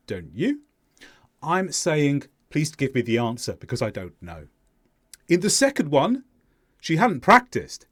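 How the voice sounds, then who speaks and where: A man teaching English intonation in a scripted lesson, speaking clearly and deliberately and exaggerating the stress in his examples. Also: medium pitch, dry recording, studio quality.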